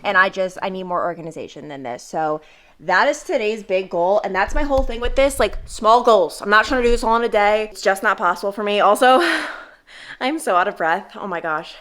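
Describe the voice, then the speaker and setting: A woman's voice: medium pitch, lively intonation, brisk, a bit bright. A young woman chatting casually in a home vlog, talking in a loose, filler-heavy way full of "like". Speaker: lifestyle vlogger.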